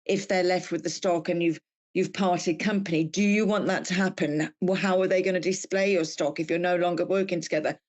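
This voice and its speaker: A woman's voice: on the low side, fairly even intonation, a little fast, darkish tone, dull audio. A woman with an English-tinged accent chatting casually about business as a podcast guest, with plenty of fillers and restarts.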